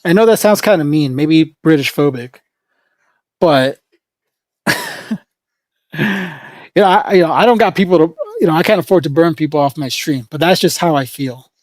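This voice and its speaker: A woman's voice: low voice, lively intonation, moderate pace, long pauses, a little mellow, dry recording, clean studio sound. Rambling, opinionated woman livestreamer. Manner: rambling and opinionated, many fillers. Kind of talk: casual livestream chat.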